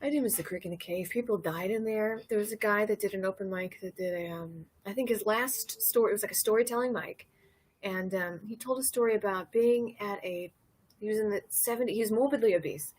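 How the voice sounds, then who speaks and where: A woman's voice: mid-range voice, fairly quick, a little mellow, slightly rough. A woman in her thirties hosting a casual drinking livestream, rambling through stories, laughing and reading chat messages. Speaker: livestream host.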